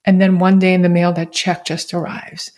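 A woman speaks in a calm, reflective podcast conversation. Her voice is low, mellow and quite level in tone. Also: normal speed.

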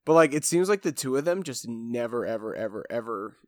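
Wry podcast co-host with a lively voice. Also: mid-range voice, fairly quick, slight background noise. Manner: hesitant, wry, trails off often. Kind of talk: casual chat recapping a reality show.

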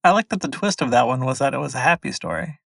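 Gravelly-voiced male podcast co-host. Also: medium pitch, animated, fast talker, fairly bright tone. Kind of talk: casual chat and credits read.

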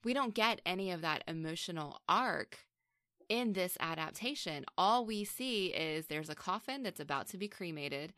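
A woman's voice: on the low side, lively intonation, moderate pace, bright, forceful tone, no room sound, clean studio sound. A woman co-hosting a film discussion, talking casually and analytically, sometimes acting out characters' lines. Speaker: film review podcast co-host.

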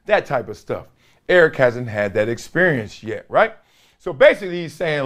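Animated, lively male sports commentator. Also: medium pitch, moderate pace. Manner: animated, playful, laughs often, mimics coaches. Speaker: sports show host.

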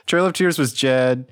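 A man's voice: mid-range voice, a bit bright, no room sound, studio quality. A man co-hosting a podcast, chatting casually about an episode, laughing often and trailing off with fillers. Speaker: podcast co-host. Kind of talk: casual chat.

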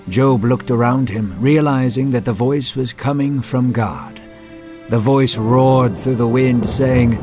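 A man's voice: mid-range voice, unhurried, a little mellow, soft background music. Earnest male Bible story narrator. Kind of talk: scripted dramatic narration.

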